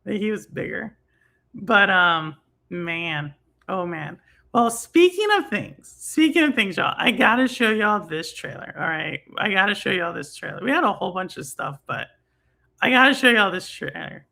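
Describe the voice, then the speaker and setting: A woman's voice: mid-range voice, animated, moderate pace, vocal fry, bright, forceful tone. A young woman hosting a live stream, chatting casually with viewers, laughing often and filling her talk with fillers. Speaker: stream host reading chat.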